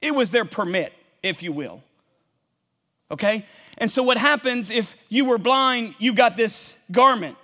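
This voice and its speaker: High-voiced, bright-toned man preaching. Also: lively intonation, measured pace. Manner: impassioned preaching, rising to shouts, calls to the congregation. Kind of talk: sermon. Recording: long reverb of a large hall.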